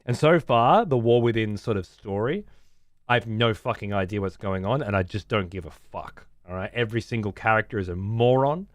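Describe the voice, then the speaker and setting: A man's voice: fairly low pitch, expressive, fairly quick, no room sound. A man ranting casually as a streamer, sarcastic, profane and exasperated.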